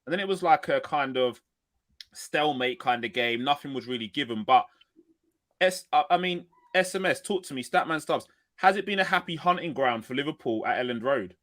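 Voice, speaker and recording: A man hosting a football podcast in an excited, chatty way, full of energy as he brings in his co-hosts. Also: medium pitch, fairly quick. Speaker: podcast host. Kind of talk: excitable casual podcast chat.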